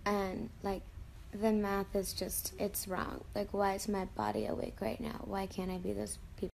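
A woman's voice: medium pitch, moderate pace, gravelly, darkish tone, slight background noise. A woman chatting in a casual selfie video diary at home, bubbly and exclamatory, recorded on a phone held at arm's length. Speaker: vlogger. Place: at home indoors.

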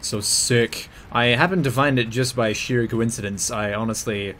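Excitable young man commenting on gameplay. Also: medium pitch, normal speed, slight background noise. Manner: excitable, jokey, yelps and mutters while playing. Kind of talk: casual let's-play commentary.

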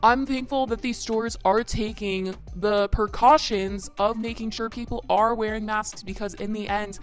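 A woman's voice: mid-range voice, steady tone, normal speed, faint music behind. A young woman hosting a casual commentary show, exasperated, with lots of "like" fillers. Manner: exasperated, says "like" a lot. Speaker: commentary podcast host.

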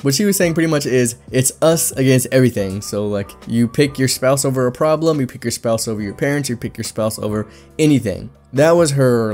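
A young man with a slight lisp from his braces talks fast and rambles casually to his viewers as a channel host, saying "like" constantly. His voice is medium in pitch and a little mellow.

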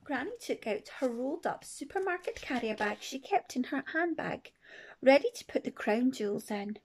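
High-voiced woman reading aloud. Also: normal speed, a little hiss or hum. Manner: expressive, playful asides. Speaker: primary teacher. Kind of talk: storybook read-aloud.

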